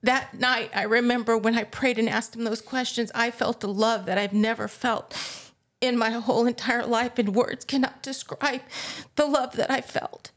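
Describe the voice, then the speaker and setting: Earnest higher-voiced woman sharing testimony. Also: fairly even intonation, moderate pace, a bit bright. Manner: earnest, emotional, urging listeners. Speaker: podcast co-host. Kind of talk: personal faith testimony in casual talk.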